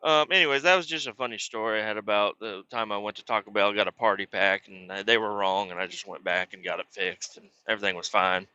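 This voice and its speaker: A man's voice: fairly even intonation, quick pace, hardly any pauses, smooth, dry recording, lo-fi sound. A man with a Southern US accent telling a crude, rambling comic story. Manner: rambling, crude, acts out quotes in loud high voices. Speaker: comedic storyteller. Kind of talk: comedic character monologue.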